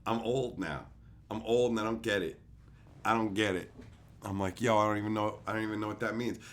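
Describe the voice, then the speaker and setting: A man's voice: fairly low pitch, brisk. A middle-aged man on a casual livestream, answering chat and telling stories with lots of swearing and laughter. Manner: profane, laughing storyteller. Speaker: streamer.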